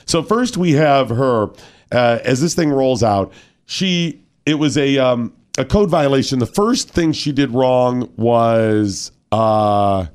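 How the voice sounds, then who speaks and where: A man's voice: medium pitch, slow, a little mellow, clean tone. A man hosting a talk radio show, ranting emphatically with mocking quotes. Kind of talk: opinionated talk radio commentary.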